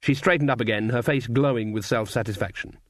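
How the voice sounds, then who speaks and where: A man narrating a comic fantasy audiobook in a measured, dry delivery. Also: medium pitch, dry recording. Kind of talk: scripted narration.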